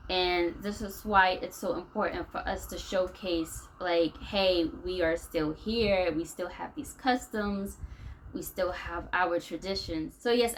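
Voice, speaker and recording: Here a US woman speaks low, over a low-quality recording with a bit of hiss or hum. Her vlog is a casual, rambling vent, thinking aloud and looping back to the same points.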